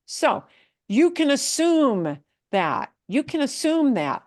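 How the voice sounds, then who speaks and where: Slow, playful woman teaching Spanish. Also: mid-range voice, no echo, studio quality. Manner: playful, drawn-out repeated words. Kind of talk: pronunciation lesson.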